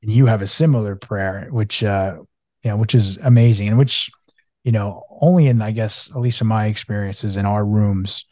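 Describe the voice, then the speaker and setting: A man's voice: lowish voice, normal speed, dark tone, no echo. A male podcast host telling a personal story in a casual, eager and emphatic way.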